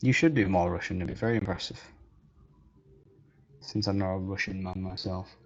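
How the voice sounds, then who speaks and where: A man chats casually to his live-stream viewers, full of jokes at his own expense. His voice sits on the low side. The recording is muffled and lo-fi. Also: fairly even intonation, normal speed. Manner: joking, self-deprecating, chatty. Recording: dull lo-fi recording.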